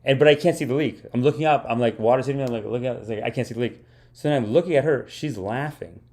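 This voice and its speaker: A man speaking rapid-fire in a slightly mellow, mid-range voice hosts a live comedy podcast from home. His comedic livestream monologue rambles through stories in a mock-earnest way, with plenty of self-praise.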